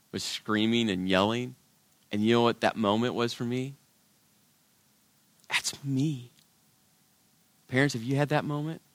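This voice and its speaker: A middle-aged man preaches with real dynamics, rising to loud, emphatic points and then falling to near hushes. His voice sits at an ordinary male pitch. The sound is dry and close, with no room echo. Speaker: pastor. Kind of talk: sermon.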